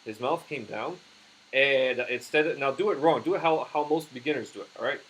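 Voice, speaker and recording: A man teaching puppetry in an instructional demonstration, talking haltingly with frequent restarts. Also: mid-range voice, fairly bright tone, husky, rough recording.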